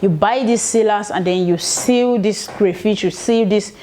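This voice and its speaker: A woman's voice: medium pitch, measured pace, mellow. A Nigerian woman, a mother, chatting casually in a vlog as she gives business tips, rambling with conversational asides. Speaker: vlogger giving business tips.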